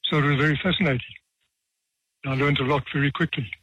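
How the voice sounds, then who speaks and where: A man in his seventies, a retired judge from South Africa, tells stories from his career with dry, self-deprecating humor and measured pauses. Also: medium pitch, fairly even intonation, fairly bright tone, husky, no room sound. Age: 70s. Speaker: retired judge, author guest. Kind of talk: relaxed anecdotal storytelling. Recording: dull, dry radio sound.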